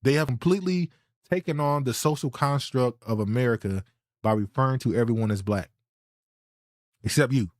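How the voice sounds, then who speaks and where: A man's voice: mid-range voice, moderate pace, pauses often, no echo. A man hosting a podcast, reacting bluntly and indignantly to clips and often repeating words as he restarts. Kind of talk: reaction commentary.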